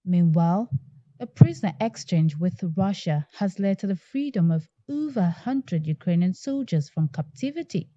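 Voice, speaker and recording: Woman news reporter, very dark mellow tone, dry muffled lo-fi recording, formal read. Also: fairly low pitch, animated, no room sound. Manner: measured, formal delivery. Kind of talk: scripted news voice-over.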